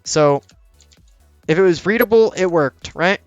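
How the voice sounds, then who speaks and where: A man's voice: sits high, unhurried, dry recording, muffled recording, soft background music. A young man streaming and chatting casually, with crude sarcastic banter and a slight lisp. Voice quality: slight lisp from dry mouth. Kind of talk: casual chat while streaming.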